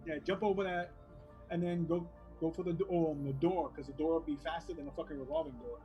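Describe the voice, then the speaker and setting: Fast-talking, blunt man player. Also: a little high, fairly even intonation, highs cut off, faint music behind. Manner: blunt and profane. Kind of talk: casual tabletop game talk.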